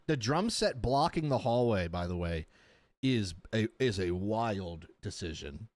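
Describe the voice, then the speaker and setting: A man's voice: lowish voice, measured pace, over music. A young man streaming a reaction to a TV episode, talking casually with disbelief and rambling restarts. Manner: animated, incredulous, rambling with restarts. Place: home streaming setup.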